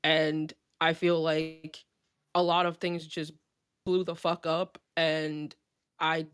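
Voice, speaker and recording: A woman on a livestream, speaking in a hesitant, halting, apologetic way. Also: deep voice, flat delivery, clear, resonant tone, no room sound, clean studio sound. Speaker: livestream co-host. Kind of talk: casual livestream talk.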